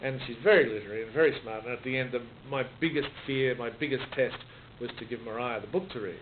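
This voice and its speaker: A man's voice: medium pitch, quick pace. An Australian author in his sixties reflecting on his writing in a conversational interview, with many restarts and repeated words. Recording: muffled phone-like recording with noise.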